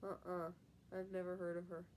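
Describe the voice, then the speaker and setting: A young woman with a Midwestern accent, talking through a stuffy nose from a cold. Her voice sits a little low, and she rambles casually with plenty of fillers as she reads out viewer comments on a live stream. A faint hiss of noise sits under the recording. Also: monotone, normal speed, darkish tone. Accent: Midwestern American. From American Midwest. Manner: chatty, rambling, many fillers. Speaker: livestream host.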